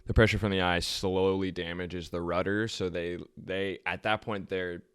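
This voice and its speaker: Young guy w a deep smooth voice, dry close mic, rambling and swearing thru a story. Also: level tone, normal speed, fairly bright tone, no room sound. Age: young adult. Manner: rambling, profane, laughs often. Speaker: podcast host. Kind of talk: casual storytelling chat.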